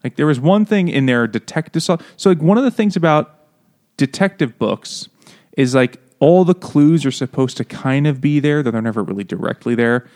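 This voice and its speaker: A man's voice: medium pitch, animated, normal speed, a little mellow. A man co-hosting a casual book podcast, joking and sarcastic, laughing often as he talks. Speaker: podcast co-host. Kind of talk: casual chat.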